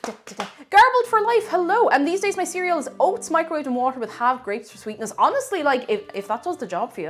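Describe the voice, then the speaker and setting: Hosting a cooking live stream in her home kitchen, a young Irish woman with a voice on the high side chats casually, reading out viewer comments and tossing in playful asides.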